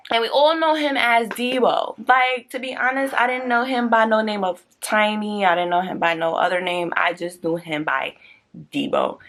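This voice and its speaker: A woman talks straight to her camera in a loose, unscripted rant. She is blunt and slangy and keeps a chatty flow. Her pitch sits in a middling range and shoots up sharply when a story gets her going. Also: fairly bright tone. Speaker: vlogger.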